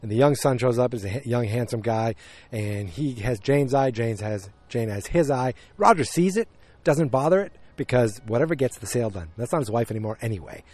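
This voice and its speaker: A man's voice: medium pitch, lively intonation, fairly quick, darkish tone, dry recording. A man hosting a podcast, casually recapping a TV episode and rambling with many fillers and restarts. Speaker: podcast host.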